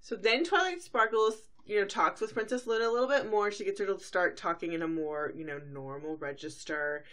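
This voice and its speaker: A woman's voice: medium pitch, a little fast, few pauses, a bit bright. A woman hosting a podcast, casually recapping a cartoon episode in a chatty way, with many fillers and brief acted-out quotes. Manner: chatty, full of fillers, briefly acts out characters. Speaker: podcast host.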